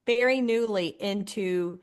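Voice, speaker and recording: A woman's voice: mid-range voice, takes it slowly, smooth. Laughing woman telling stories. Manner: animated storytelling, laughs often, acts out quotes. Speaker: podcast co-host. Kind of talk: casual chat.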